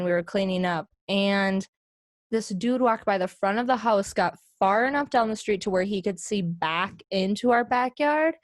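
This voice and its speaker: Young woman, storytelling podcast co-host, mid-pitched, dry close sound. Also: dry recording. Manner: storytelling, acts out others with sudden high voices. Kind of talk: casual chat.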